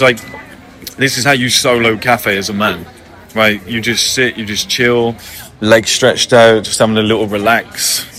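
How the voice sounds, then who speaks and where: A man's voice: medium pitch, pushed and bright. A young man talking casually to camera in a cafe, brash and joking, swearing freely. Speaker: vlogger. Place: cafe by the water.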